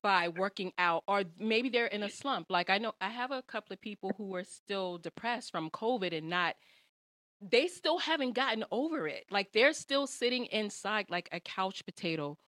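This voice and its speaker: A woman's voice: mid-range voice, expressive, moderate pace, a bit bright, no echo, studio quality. A woman hosting a casual podcast interview over a call, asking chatty, teasing questions. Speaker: podcast host.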